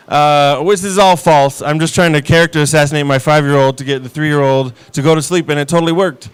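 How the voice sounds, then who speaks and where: A man in his thirties doing a stand-up comedy set, telling stories about his kids with deadpan, self-mocking delivery. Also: a little high, fairly quick, hardly any pauses, smooth. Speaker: stand-up comic.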